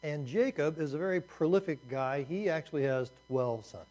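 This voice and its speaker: Guy teaching a bible overview, kinda high voice, jokey and lively, moving around a map. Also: normal speed. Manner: lively, jokey storytelling with asides. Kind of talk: Bible survey lecture.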